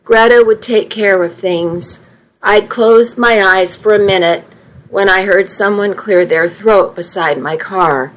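Slow, unhurried woman reading a story. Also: mid-range voice, poor audio. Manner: unhurried, occasional slips and self-corrections. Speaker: narrator.

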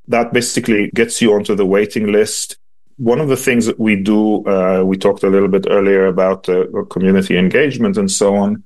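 Low-voiced man calmly explaining a product. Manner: measured, patient explaining with frequent ums and restarts. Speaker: device designer. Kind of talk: explanatory interview answers.

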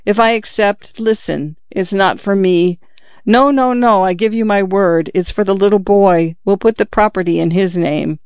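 A woman's voice: mid-range voice, normal speed, a little mellow, no echo, close to an everyday voice. A man voicing a grieving young housekeeper who pleads tearfully and emotionally, in a dull lo-fi recording. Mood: pleading.

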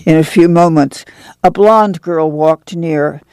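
A woman narrating an audiobook in a measured, even storytelling manner. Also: low-pitched, no room sound.

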